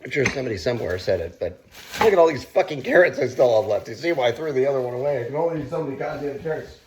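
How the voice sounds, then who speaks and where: A man cooking and chatting on his own vlog, rambling and swearing freely, with sudden loud outcries. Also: mid-range voice, lively intonation, rapid-fire, a little hiss or hum. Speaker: cooking vlogger.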